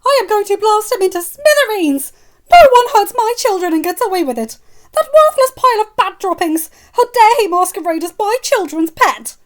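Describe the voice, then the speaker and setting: A woman voicing a frantic, fiercely protective witch mother who talks shrilly, near shouting. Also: very high-pitched, very animated, normal speed, pitched above the performer's own voice. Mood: furious.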